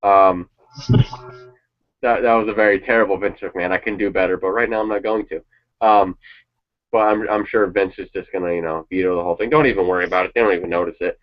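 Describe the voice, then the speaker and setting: Rambling man with a low voice, lo-fi. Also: fairly even intonation, quick pace. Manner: rambling, opinionated, swears casually. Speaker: wrestling show reactor. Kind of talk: casual chat. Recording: dull lo-fi sound.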